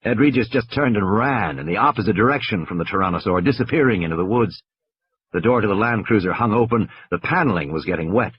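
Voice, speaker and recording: Give me a man with a husky voice narrating an audiobook, animated and tense. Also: fairly low pitch, quick pace, dry recording, dull audio. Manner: tense, dramatic, lively delivery. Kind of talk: dramatic audiobook reading.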